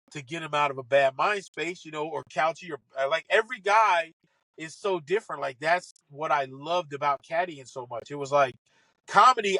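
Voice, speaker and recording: High, bright-voiced man telling stories. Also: dry recording, low-quality recording. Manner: fast, excitable, acts out other people's quotes. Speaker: podcast guest, former caddy. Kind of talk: animated storytelling.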